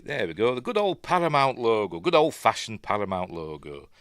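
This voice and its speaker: Yorkshire male host, low voice, chatty and self-mocking, casual livestream commentary. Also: sing-song, brisk, fairly bright tone, no echo, studio quality. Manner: rambling, self-deprecating and chatty. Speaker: film review host.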